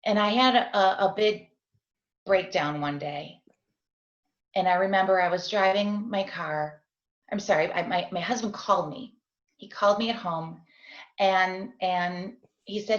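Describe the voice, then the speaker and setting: A middle-aged woman shares her story as a parent in an interview over video call, earnest and confessional, often asking "right?". Her mid-range voice is unhurried, and the echoey room makes the sound dull.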